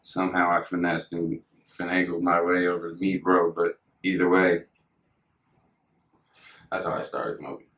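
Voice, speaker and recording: A man's voice: deep voice, level tone, normal speed, long pauses, fairly bright tone. A young man telling stories in a casual, slangy way, laughing as he goes. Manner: laid-back, slangy, laughs through stories. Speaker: podcast guest. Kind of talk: casual storytelling. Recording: echoey room.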